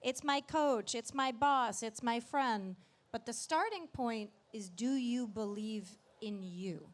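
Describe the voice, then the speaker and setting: A woman's voice: on the high side, takes it slowly. Engaged woman interviewer posing questions.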